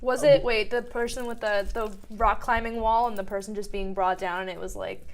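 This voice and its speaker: A woman guest in a casual chat, relaxed and agreeable, musing aloud. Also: medium pitch, a little fast.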